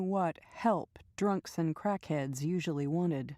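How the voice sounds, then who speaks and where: Woman audiobook narrator, low mellow voice, steady measured delivery. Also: dry recording, clean studio sound.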